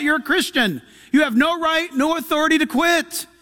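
A pastor with a high, light voice preaches a sermon to his congregation. He swings between loud, urgent appeals and hushed, almost whispered asides, acting out quick quoted lines as he tells his stories.

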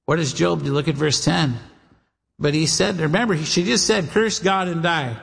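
A pastor preaches in an earnest, direct way, calling out to his listeners and briefly playing the voices of others. His voice sits high for a man. It rings out with a long echo, as in a large hall. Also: moderate pace, creaky, a bit bright. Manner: earnest, addresses listeners as guys and gals, acts out quoted voices. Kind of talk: sermon.

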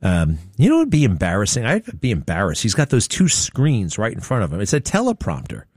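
A man hosts a talk radio show, riffing in a sarcastic, mocking way. His voice sits low. The sound is dry and close. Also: huge pitch swings, a little fast, a little mellow, slightly rough, no room sound. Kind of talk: opinionated talk radio monologue.

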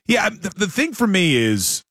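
A man hosting sports talk radio, making emphatic, animated points about his team. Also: sits high, measured pace, no room sound, clean studio sound.

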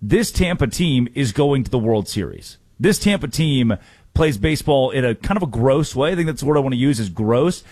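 A man hosting a sports talk show, steering the discussion in a brisk, wry manner. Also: mid-range voice, animated, a little mellow, husky, no room sound.

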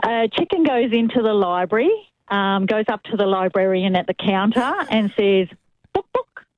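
A woman on a thin, tinny phone line tells a long joke at an even pace. Her storytelling is calm and steady, with a dry sound. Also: medium pitch, normal speed, no room sound. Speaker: caller. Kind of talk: telling a long joke on air.

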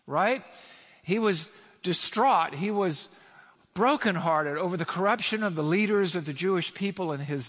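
Pastor guy preaching, slightly high voice, keeps asking the crowd questions, long echo like a big church. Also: a bit bright. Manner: emphatic, asks the audience rhetorical questions. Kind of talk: sermon. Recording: long hall reverb.

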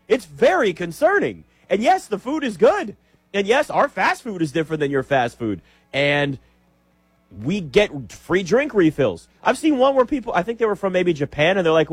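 An American man rants about sports in an emphatic, sarcastic way. His voice sits a little high for a man and comes through dry and close. He keeps it animated. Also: normal speed, breathy edge, no echo, faint music behind. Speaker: sports talk show host. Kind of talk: opinionated sports monologue.

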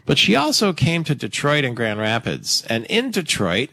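A man's voice: mid-range voice, huge pitch swings, normal speed, vocal fry, bright, forceful tone, no echo. A man hosting a talk radio show, giving sardonic, conversational political commentary with fillers.

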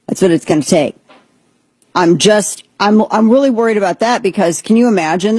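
A woman delivers political commentary as a show host. She is blunt and sarcastic and throws in quick asides. Her voice is husky and mellow, and the recording is dry. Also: on the low side, dry recording.

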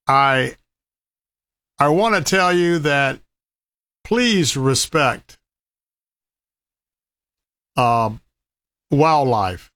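A man's voice: fairly high pitch, fairly bright tone, no echo. A man telling an outdoor story in a folksy, casual way and giving emphatic safety warnings with repeated words. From Florida.

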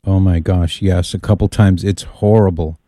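A man's low, mellow voice hosting a radio call-in show. He keeps a folksy, joking tone as he banters with callers and his co-host. It is close to a studio mic with a dry sound. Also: fairly even intonation, normal speed, no room sound. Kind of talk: casual on-air banter. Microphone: studio microphone.

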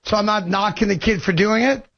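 High-voiced man lecturing on sports radio. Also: brisk, gravelly. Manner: lecturing, emphatic. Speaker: sports radio host in a played clip. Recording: muffled radio clip.

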